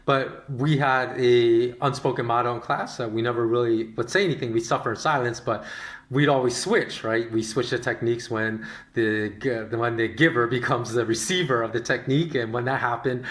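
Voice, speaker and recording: A man's voice: mid-range voice, moderate pace. Man telling stories in an echoey room. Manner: animated, rambling, with frequent fillers. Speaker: podcast host. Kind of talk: casual storytelling monologue.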